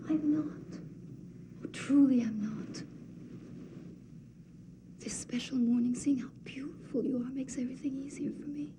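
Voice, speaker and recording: An actress playing a young princess in a film drama, speaking softly and intensely, often close to a whisper. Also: female voice, on the high side, expressive, normal speed, noisy background. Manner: soft, hushed, intense, often near a whisper. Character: defiant young princess, quietly resolved.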